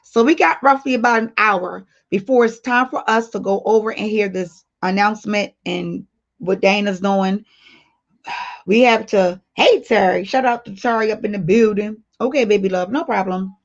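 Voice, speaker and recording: Speaking at a moderate pace in a medium-pitched voice, a woman hosts a casual livestream. She reads comments aloud and talks directly to viewers in a playful, blunt manner, all through dull lo-fi audio.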